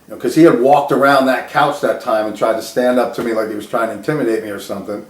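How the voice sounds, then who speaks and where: A man's voice: mid-range voice, steady tone, quick pace, echoey room. A man casually telling a personal story, laughing often and restarting his sentences.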